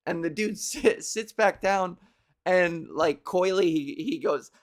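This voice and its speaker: A woman in her thirties hosting a comedy show, rambling through a loose, profane monologue, laughing at her own jokes and putting on quick silly voices. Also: lowish voice. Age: 30s. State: hungover. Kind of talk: loose stand-up style monologue.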